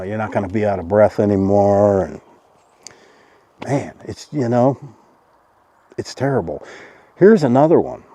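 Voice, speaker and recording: A man talking casually to the camera in a folksy, joking, deadpan way. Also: medium pitch, no echo. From Arkansas. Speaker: vlogger. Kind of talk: casual direct-to-camera talk.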